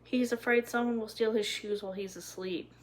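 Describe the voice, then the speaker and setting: A woman voicing a kind, protective young male hobo with a Texan accent, speaking calmly and earnestly in a storybook reading. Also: a little high, fairly quick, slight background noise, lightly acted, rough recording.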